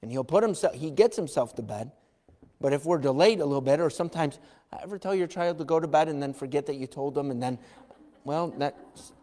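A man preaches a lively sermon, his voice set a little high for a man. He acts out the voices of the people in his story and shouts for emphasis. A long reverb trails each line, as in a big church hall. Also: a little fast. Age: adult parent. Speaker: pastor.

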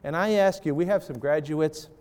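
Impassioned male preacher, higher voice. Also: normal speed, a little mellow, clean tone. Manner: impassioned preaching, voice rising and falling for acted prayers. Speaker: pastor. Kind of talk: sermon.

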